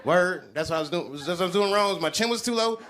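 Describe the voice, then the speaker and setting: A man doing profane stand-up comedy on a live stage, animated and acting out the voices of people he quotes. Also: high voice, fast talker. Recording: loud crowd laughter over noisy live sound.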